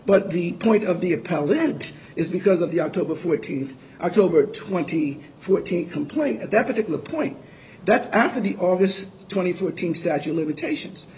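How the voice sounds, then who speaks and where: A man making his case in a courtroom oral argument, his voice sitting a little high for a man. He talks earnestly but stumbles and restarts often. A faint low hum runs underneath. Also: animated, darkish tone, poor audio. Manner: earnest, halting with frequent restarts. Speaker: appellate lawyer arguing for the appellant.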